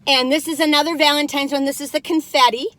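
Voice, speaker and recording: A woman's voice: high-pitched, steady tone, fast, a bit bright. A middle-aged woman, chatting in a bubbly, rambling way as she taste-tests cookies in her parked car and sometimes breaks into song. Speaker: food review vlogger.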